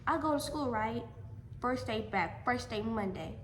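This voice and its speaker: A young adult woman telling a personal story in a storytime vlog, animated and emphatic, often repeating her lines. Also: fairly high pitch, a little slow, slight background noise. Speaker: vlogger. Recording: echoey room.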